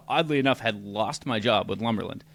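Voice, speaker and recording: A man's voice: on the low side, normal speed, gravelly. A man guesting on a podcast, telling his story in a loose, chatty way with lots of fillers. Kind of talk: casual interview chat.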